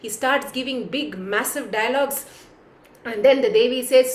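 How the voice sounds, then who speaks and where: A woman telling a devotional story, animated and speaking directly to her listeners. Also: on the high side, moderate pace, echoey room.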